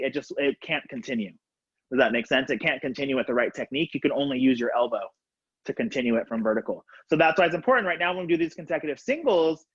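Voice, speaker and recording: A man's voice: fairly high pitch, husky. Upbeat man counting through a video-call class. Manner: upbeat, counting out loud, casual with lots of fillers. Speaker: color guard instructor. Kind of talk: live online class instruction. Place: home room, on the floor. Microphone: laptop webcam on a video call. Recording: dull lo-fi video call audio.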